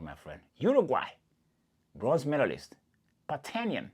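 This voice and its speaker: An animated man from Kenya gives casual athletics commentary as a podcast host. His pitch swings widely while he presses each point. He keeps calling the listener "my friend" and talks to them directly. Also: measured pace. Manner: animated and emphatic, speaks straight to the listener as "my friend".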